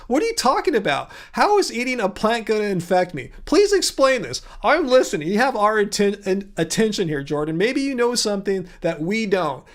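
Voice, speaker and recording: A man with a fairly high voice hosts a casual livestream and answers viewer comments. He sounds sarcastic and incredulous, and he rambles with plenty of fillers and restarts. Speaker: livestream host.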